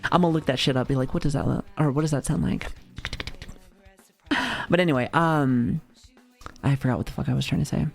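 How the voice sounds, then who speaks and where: A man's voice: medium pitch, a little fast, gravelly, pauses often, soft background music. An American man streaming, chatting casually with his viewers in a rambling, profane way, full of fillers and restarts. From United States. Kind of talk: casual livestream chat reacting to chat.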